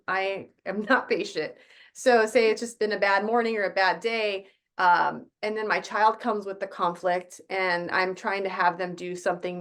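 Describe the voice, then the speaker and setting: Woman, 30s, casual podcast guest, rambling, animated retelling, mid-pitched voice. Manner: rambling, acts out quoted dialogue with her kids. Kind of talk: casual chat.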